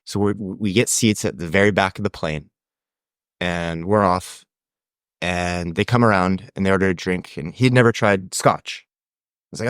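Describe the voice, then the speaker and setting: A young man co-hosting a podcast, telling a travel story in a casual, animated way and acting out the voices of people in it. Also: low voice, normal speed, clean tone, no room sound, clean studio sound. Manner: animated storyteller, acts out quoted voices, laughs often. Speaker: podcast co-host.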